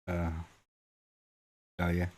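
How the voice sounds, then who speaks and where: This northern English man has a low, darkish voice and a completely flat delivery, and he talks extremely slowly. He's hosting a late-night livestream, rambling casually with viewers in British slang.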